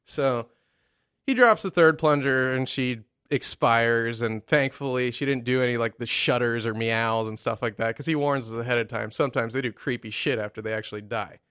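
Sarcastic swearing guy on a podcast, bright voice, dry close mic, a bit high for a man. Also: normal speed, clean tone, dry recording. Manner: profane, sarcastic, acts out other people's voices. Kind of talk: casual crude comedic storytelling.

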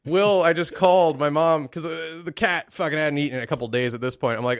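A young man co-hosting a casual comedy podcast, crude and profane, getting loud when he cares about something. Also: on the high side, brisk. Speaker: podcast co-host.

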